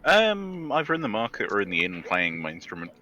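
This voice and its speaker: A man's voice: lowish voice, wildly swooping pitch, a little fast, sharp tone, dull audio, faint music behind. A man playing in a tabletop game, dry and joking. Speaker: player.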